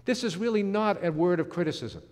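A middle-aged or older male pastor preaching a sermon in an earnest way, slowing down to stress key phrases. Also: sits high, sing-song, a little mellow. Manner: earnest, slows for emphasis, some restarts. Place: church sanctuary. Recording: long hall reverb.

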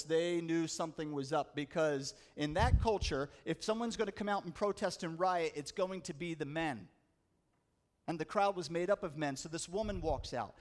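A man preaching a sermon, telling a story with dramatic slowdowns and rising emphasis. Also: a little high. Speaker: pastor.

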